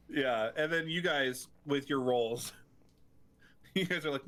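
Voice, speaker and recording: A man's voice: medium pitch, slow, a bit bright. A man running a tabletop game as dungeon master, laughing often and restarting his sentences. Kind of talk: narrating a tabletop game over voice chat.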